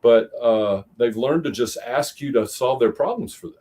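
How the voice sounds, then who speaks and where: A middle-aged man from the United States, a high school teacher and veteran, chatting as a guest on a streamed show and rambling through stories with many restarts. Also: animated, normal speed, dark tone, breathy edge. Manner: rambling storyteller, acts out quotes, many restarts. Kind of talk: casual chat on a streamed show.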